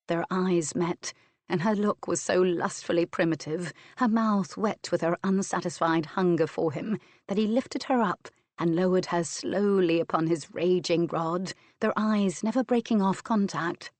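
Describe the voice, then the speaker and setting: Low, dry-voiced woman narrating an audiobook. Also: unhurried, darkish tone, dry recording. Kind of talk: scripted narration of a historical romance.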